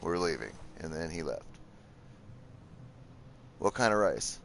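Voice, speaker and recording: A man's voice: low-pitched, lively intonation, slow pace, gravelly, background noise. A man casually commenting on his gameplay, joking, swearing and talking to the enemies on screen. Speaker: gameplay streamer. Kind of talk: casual let's-play commentary.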